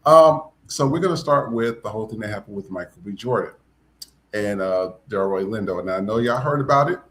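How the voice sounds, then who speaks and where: A man's voice: lowish voice, animated, brisk. Blunt, profane male podcast host. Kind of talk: casual commentary.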